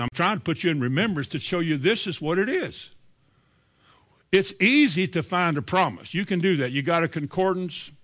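A man preaching a sermon in a fairly high voice. He fires rhetorical questions at the congregation. He acts out the replies of doubters. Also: fairly bright tone. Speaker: pastor.

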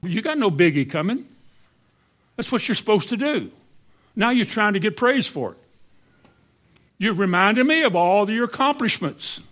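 A man delivering a sermon in a somewhat high voice. He pushes his congregation with rhetorical questions, jumping up into high exclamations and then dropping to soft, low asides. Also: big pitch swings, normal speed, pauses often. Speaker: preacher.

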